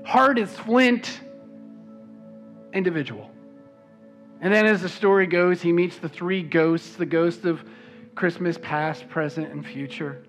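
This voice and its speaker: Man, pastor, sermon, high voice, emphatic, repeats himself, faint music behind. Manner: emphatic, repeats words when stressing a point. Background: soft worship music.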